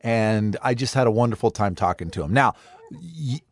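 A man's voice: medium pitch, lively intonation, moderate pace. A man hosting a podcast, talking in a chatty, enthusiastic and rambling way. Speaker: podcast host. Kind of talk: casual podcast talk.

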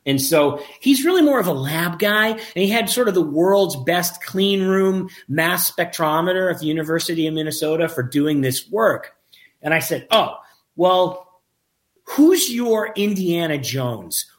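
A man telling a lively anecdote about making a documentary, acting out the quoted dialogue and often restarting his sentences. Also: a little high, normal speed. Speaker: documentary filmmaker. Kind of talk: casual storytelling in an interview.

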